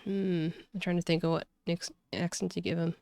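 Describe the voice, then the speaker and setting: A woman's voice: on the low side, level tone, normal speed, vocal fry, darkish tone, no echo, clean studio sound. A woman streamer giving casual game commentary, full of rambling, self-deprecating asides.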